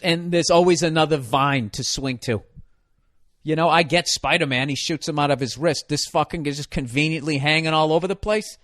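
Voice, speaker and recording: A man hosting his own podcast, going off on a foul-mouthed comic rant, exasperated and swearing freely. His voice sits a bit high, and the sound is dry and close to the mic. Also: fairly bright tone, dry recording. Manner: profane, ranting, exasperated. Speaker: podcast host. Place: hot room.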